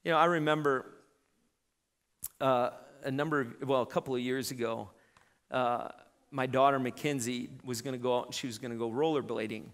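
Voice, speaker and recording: A middle-aged man preaching a sermon, telling a lively story with many repeated starts. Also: mid-range voice, normal speed. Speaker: pastor. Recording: long reverb in a church hall.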